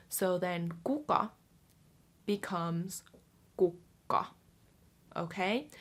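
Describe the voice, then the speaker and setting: A young woman giving a casual spoken lesson, chatty and repeating example words slowly and drawn out. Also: mid-range voice, creaky. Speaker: language teacher.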